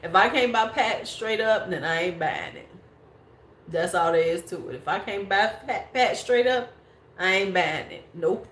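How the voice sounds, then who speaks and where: A woman's voice: lowish voice, lively intonation, a little slow, a bit bright, slight background noise. Woman in her forties, beauty livestream host, casual blunt chat, swears a lot, echoey room. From United States. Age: 40s. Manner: blunt, swears freely, talks straight to chat viewers.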